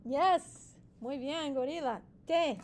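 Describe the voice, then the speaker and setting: Woman Spanish teacher, high and unhurried, encouraging, playful with her students. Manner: explains step by step with repeated check-in questions. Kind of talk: classroom teaching. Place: classroom with students.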